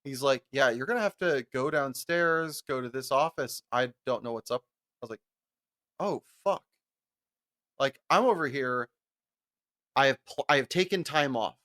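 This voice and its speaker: A young man co-hosting a podcast, telling a long, profane, animated story and often breaking into laughter. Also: medium pitch, normal speed. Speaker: podcast co-host. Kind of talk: casual storytelling chat.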